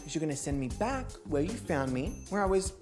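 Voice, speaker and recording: A woman's voice: low voice, sing-song, a little fast, music in the background, voice pushed down. A woman voicing a defiant, unbothered woman sim who curses bluntly in a game. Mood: sassy. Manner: blunt, cursing, dismissive.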